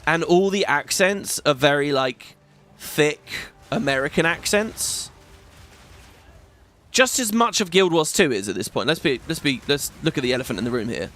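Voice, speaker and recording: He's a British man in his thirties, a gaming YouTuber whose voice sits on the high side, expressive and fairly bright at normal speed. Playing a game, he chats and rambles casually, swearing and restarting often.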